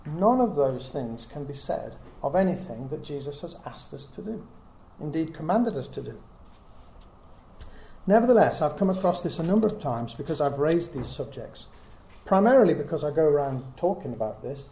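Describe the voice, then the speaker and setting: With lively intonation and a moderate pace, a middle-aged man speaks in a mellow, higher voice as he earnestly teaches the Bible to a few listeners. He reasons aloud with many rhetorical questions amid room echo and faint hiss.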